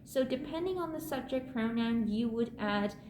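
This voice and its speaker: A woman teaching a French grammar lesson, patiently repeating key points and slowing down to sound out the French words. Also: fairly high pitch, expressive, a little mellow, reverberant, slight background noise. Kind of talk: online language lesson.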